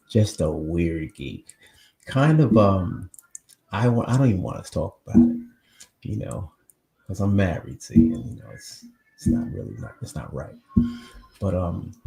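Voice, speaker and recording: A low, gravelly male voice drifting through easy, rambling chat with his live audience. He talks from home into a new microphone, and the room adds a noticeable echo around him. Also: dark tone. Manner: rambling, chatty, talks straight to viewers. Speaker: host of a live online show. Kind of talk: casual live-stream chat.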